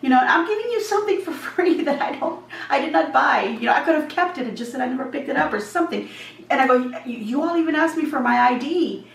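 Woman vlogger, casual storytime, acts out the dialogue, slightly high voice, echoey room, a little distant from the mic. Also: quick pace, gravelly. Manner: animated retelling, acts out dialogue. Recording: echoey room, voice a bit far from mic, faint background hum.

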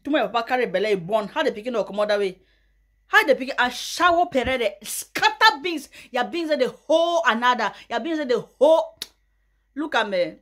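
Mocking Nigerian woman, high voice. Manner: mocking, breaks into loud high laughter. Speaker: YouTuber. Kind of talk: mocking gossip commentary in Pidgin.

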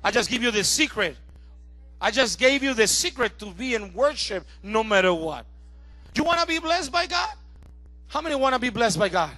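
A middle-aged man preaching a sermon as pastor, animated and acting out the voices of his family and callers. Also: very high-pitched, moderate pace, no echo.

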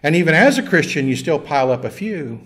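A man's voice: fairly high pitch, big pitch swings, quick pace, a bit bright. Man preaching a conversational sermon. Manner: conversational preaching, jokes and audience call-and-response. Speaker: pastor. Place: church sanctuary.

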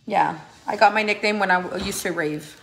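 Woman in her thirties, casual home vlog chat, quick laughs, mid-range voice, faint music underneath. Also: mid-range voice, vocal fry, fairly bright tone. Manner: chatty, laughs often, switches into Spanish with her kids. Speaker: vlogger and mother. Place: family home.

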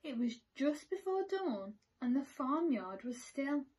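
Reading to a group of children, a woman teacher takes a picture book at an unhurried pace, her high-pitched voice full of storytelling expression.

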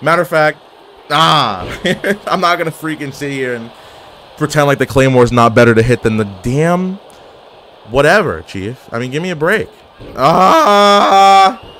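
A man commentating his own online wrestling game, jokey and excitable, full of trash talk, swearing and wrestling slang. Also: mid-range voice, normal speed, slight background noise. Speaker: gaming video creator.

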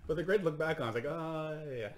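A man's voice: a little high, animated, racing. A man hosting a podcast, chatting casually and chuckling as he chimes in. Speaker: podcast host. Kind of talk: casual chat.

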